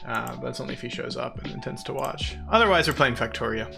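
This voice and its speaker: A man's voice: medium pitch, expressive, fast talker, gravelly, over music. A man chatting casually with viewers on a live stream, playful and giggly, poking fun at himself. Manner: self-deprecating.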